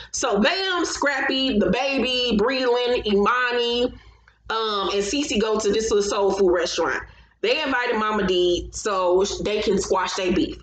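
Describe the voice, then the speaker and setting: A woman's voice: mid-range voice, unhurried, slight background noise. A woman hosting her channel, recapping a reality show in casual commentary, blunt and profane, with frequent laughter. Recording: roomy echo.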